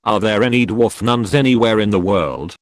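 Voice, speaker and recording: A man's voice: on the low side, moderate pace, dry recording, clean studio sound, close to an everyday voice. A man voicing a stubborn, grumpy dwarf asking formal questions in a spoken joke. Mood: earnest.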